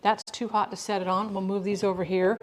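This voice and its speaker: Speaking briskly in a level, medium-pitched voice, a woman runs a relaxed cooking livestream from her kitchen at home. She chats with viewers by name and frequently starts her sentences over.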